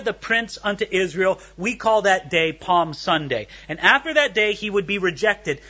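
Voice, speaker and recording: A man's voice: high voice, pushed and bright, highs cut off. A man preaching an expository sermon, reading scripture aloud and explaining it verse by verse, acting out the voices in the text. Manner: reads scripture then explains it, dramatizes the speakers. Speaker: pastor.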